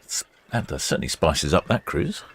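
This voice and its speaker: A man's voice: rumbling low, very animated, moderate pace, slightly rough. A man hosting a live ship-watching stream, chatting casually and reading out viewer comments as ships depart port. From England. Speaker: livestream host narrating ship departures. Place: quayside port camera station.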